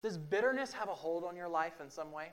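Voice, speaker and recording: A pastor preaching a sermon to a congregation in a church room. He swings between loud, emphatic lines and quiet, drawn-out passages. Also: fairly high pitch, animated. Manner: acts out quoted everyday talk for illustration.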